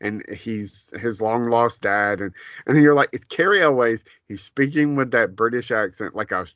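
A man with a bright, forceful voice chatting on a podcast, telling stories with animation and frequent laughter. The recording is dry and a little dull. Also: lowish voice, moderate pace, no room sound. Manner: animated storytelling, laughs often. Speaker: podcast co-host. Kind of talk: casual chat.

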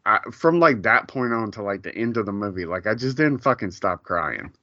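A man's voice: on the low side, animated, moderate pace, bright, forceful tone, no echo. A man in his forties, a podcast co-host, chatting casually and rambling with many fillers and curse words. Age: 40s. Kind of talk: casual chat. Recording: dull, lo-fi dry sound.

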